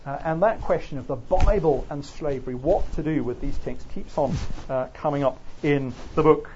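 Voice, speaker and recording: A man's voice: a little high, moderate pace, a little mellow, slight background noise. Hesitant male lecturer, slightly muffled. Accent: Oxford English. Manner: hesitant, frequent fillers. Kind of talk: classroom lecture.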